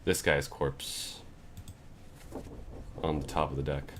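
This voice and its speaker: A man's voice: a bass voice, flat delivery, slow, noisy background. A young man streaming a game, thinking aloud and muttering to himself as he works things out in casual commentary. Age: young adult.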